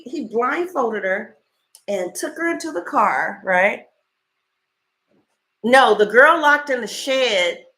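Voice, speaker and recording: Animated, chatty woman tarot reader. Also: medium pitch. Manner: animated storyteller, blunt and swears freely. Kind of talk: casual livestream chat and tarot reading.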